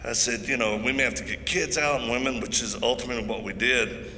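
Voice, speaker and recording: A man's voice: medium pitch, steady tone, fast, sharp tone. A man giving an emphatic preaching-style speech at a large event, telling stories with jokes mixed in. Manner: emphatic, joking storyteller. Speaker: event speaker. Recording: echoey hall, faint noise.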